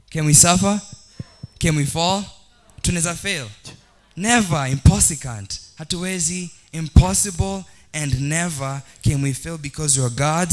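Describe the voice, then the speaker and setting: A man with a Kenyan accent preaching a sermon, building repeated declarations and mixing English with Swahili. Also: fairly high pitch. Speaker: pastor.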